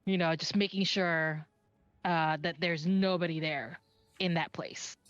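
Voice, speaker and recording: A woman's voice: fairly low pitch, steady tone, a little slow, dry recording. Rambling woman player, lo-fi mic. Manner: rambling, filler-heavy. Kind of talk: describing her character in a tabletop game.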